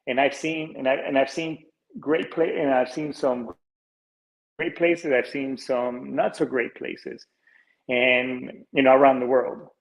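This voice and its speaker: A man's voice: medium pitch, little pitch movement, a little slow, rough recording. A Colombian-born man in his forties hosting a podcast, talking earnestly in a rambling, casual way, with lots of fillers, restarts and casual swearing. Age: 40s. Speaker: podcast host.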